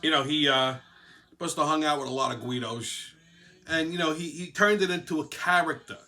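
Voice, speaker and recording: A man's voice: on the high side, normal speed, sharp tone. Blunt, foul-mouthed Brooklyn man. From Brooklyn, New York. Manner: blunt, crude, heavy swearing. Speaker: show host. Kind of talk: casual profane monologue.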